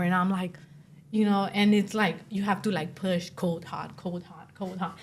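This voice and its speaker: A woman's voice: medium pitch, steady tone, normal speed, slight background noise. A woman in her late twenties, a podcast guest, telling her story casually with lots of "like" and acted-out quotes. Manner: chatty, fills speech with "like", acts out quoted dialogue.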